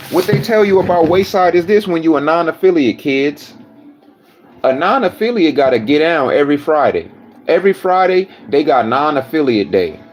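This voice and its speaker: Profane man telling a jail story. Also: a little high. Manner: blunt, swears constantly, acts out voices of people in the story. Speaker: storyteller recounting jail time.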